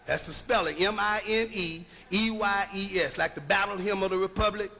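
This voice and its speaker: High, bright, gravelly male lecturer. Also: moderate pace. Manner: punchy, rhetorical, asks listeners to follow along. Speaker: linguistics lecturer. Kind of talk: emphatic lecture to an audience. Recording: long hall reverb.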